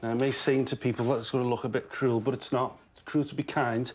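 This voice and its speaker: A man working as an animal welfare officer, talking casually on the job and calling to a cat in a high sing-song voice inside a house. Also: flat delivery, quick pace, a little hiss or hum. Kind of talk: casual on-location talk. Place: indoors in a house by a chimney. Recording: on-location audio with loud music underneath.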